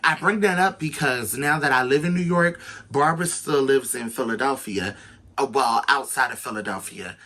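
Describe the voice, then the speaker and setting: A man telling a personal story to his viewers in a casual, animated, slangy way, speaking straight to the audience. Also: mid-range voice, moderate pace. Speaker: storytelling vlogger.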